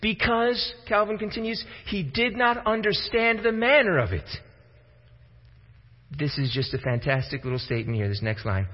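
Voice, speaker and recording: A man's voice: sits high, moderate pace. A man preaching a sermon, emphatic and repeating words as he starts his thoughts. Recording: reverberant hall, dull lo-fi sound.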